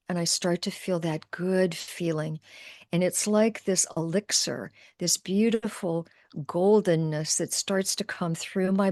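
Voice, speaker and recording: Middle-aged spiritual teacher, low-pitched, dry close sound, shifts from animated explaining to hushed guidance. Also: female voice, dry recording. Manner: animated explaining, then softening to hushed, slow meditative talk. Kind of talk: guided demonstration with narration.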